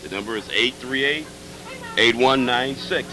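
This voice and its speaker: A man's voice: medium pitch, a little slow, pushed and bright, faint music behind, poor audio. A man hosting a live overnight telethon, going from guest to guest and teasing them, on an old TV recording. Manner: teasing, playful. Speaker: roving on-air host. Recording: old live TV tape with faint noise.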